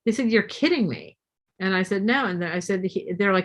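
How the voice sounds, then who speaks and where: A middle-aged woman guest speaker telling a story to an audience, lively and asking them questions along the way. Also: mid-range voice, normal speed.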